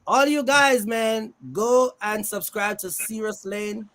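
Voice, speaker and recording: On a very noisy recording, a man with a high-sitting voice speaks slowly while hosting a casual livestream about his trucking business. He keeps it loose and friendly, joking with guests and reading the chat out loud.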